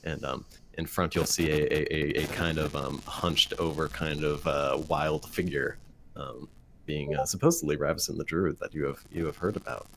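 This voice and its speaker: A man narrating as game master of a tabletop game, halting with many fillers and restarts. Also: a bass voice, fairly even intonation, creaky, a bit bright, a little hiss or hum.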